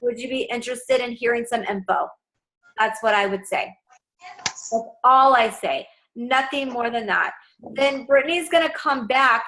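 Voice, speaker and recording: A woman's voice: high voice, sharp tone, a little hiss or hum, low-quality recording. A young adult woman coaching her sales team in a casual, upbeat, direct way.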